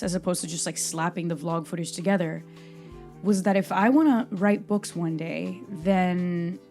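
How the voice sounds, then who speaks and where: A young woman from Brazil hosting her own podcast, talking casually and passionately, laughing at herself now and then. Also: lowish voice. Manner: animated, talks fast and passionately, laughs at herself. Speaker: podcast host. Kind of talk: casual solo podcast talk.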